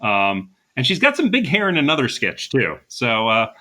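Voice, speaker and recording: A man's voice: medium pitch, wildly swooping pitch, moderate pace, bright, forceful tone. A man co-hosting a casual podcast, chatting with plenty of fillers and easy laughs. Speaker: podcast co-host.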